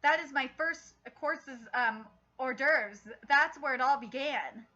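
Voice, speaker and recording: A woman reading aloud as a bitter male chef villain, halting with fillers. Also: sits high, bright, forceful tone, muffled recording, full character voice. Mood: brooding.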